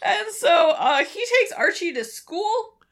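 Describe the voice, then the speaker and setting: A woman podcast co-host recapping an episode in a giggly, animated way. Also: extremely high pitch, slow pace.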